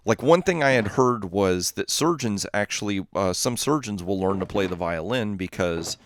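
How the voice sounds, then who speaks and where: A man's voice: fairly low pitch, expressive, moderate pace, slight background noise. A man with a Southern Texas accent, chatting casually on a gaming livestream, rambling and reading viewer chat aloud. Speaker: streamer.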